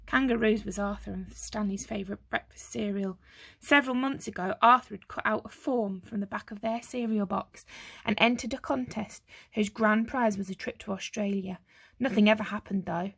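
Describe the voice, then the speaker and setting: A woman reading a children's chapter book aloud with a clear, expressive delivery. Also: medium pitch, normal speed, no room sound. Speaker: storyteller.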